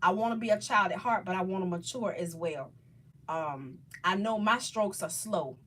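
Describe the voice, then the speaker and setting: Halting, faith-filled woman chatting live. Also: mid-range voice, fairly bright tone. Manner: halting, rambling, restarts often. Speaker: livestream host chatting with viewers. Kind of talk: casual live chat about faith and crafts.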